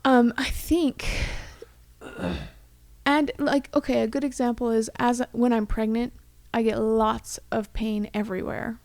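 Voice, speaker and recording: Chatty young woman with creaky voice. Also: on the high side, level tone, measured pace, a little mellow, no echo. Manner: chatty, rambling with many "like"s; tender, near tears. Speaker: podcast co-host. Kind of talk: casual chat.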